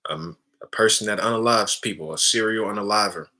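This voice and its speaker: Spiritual teacher, deep sharp voice, casual talk, calls listeners family. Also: male voice, fairly quick. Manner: casual, addresses listeners as family, frequent tag questions.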